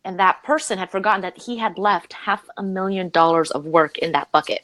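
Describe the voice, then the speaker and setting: A woman's voice: fairly quick, dry recording, low-quality recording. A woman originally from Romania, a leadership coach telling stories in an interview and acting out the voices of people she quotes. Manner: animated, acts out quoted voices with big pitch jumps. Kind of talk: conversational interview storytelling.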